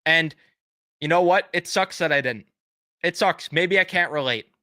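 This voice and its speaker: A man's voice: a little high, normal speed, pushed and bright, no room sound. A young man live streaming as a fan, ranting casually with blunt swearing and sarcastic mock apologies.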